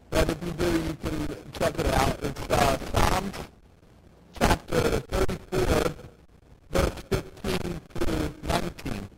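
A man's voice: fairly high pitch, vocal fry. A man preaching a sermon, emphatic, repeating phrases for stress. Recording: loud background noise.

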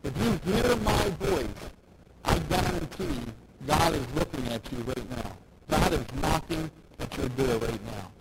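Man, preacher, fairly high voice, emphatic, repeats lines, loud background noise. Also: lively intonation, unhurried. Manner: emphatic, repeats phrases for stress. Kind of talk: sermon.

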